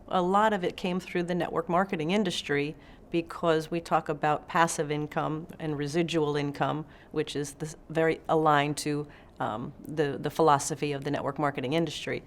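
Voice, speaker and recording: A middle-aged woman, guesting in an interview, tells anecdotes with animation and acts out the quotes energetically. Her voice is low-pitched with a clean tone.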